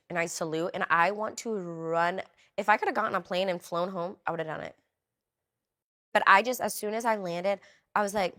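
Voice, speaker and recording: A woman's voice: fairly low pitch, brisk, a bit bright. A woman in her twenties, a podcast guest, recounting a story candidly and acting out her own thoughts in quoted asides.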